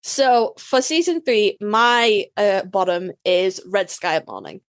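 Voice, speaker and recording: A woman's voice: mid-range voice, animated, slow, no room sound, clean studio sound. A woman co-hosting a podcast, blunt and joking, swearing casually. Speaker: podcast co-host. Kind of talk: casual chat.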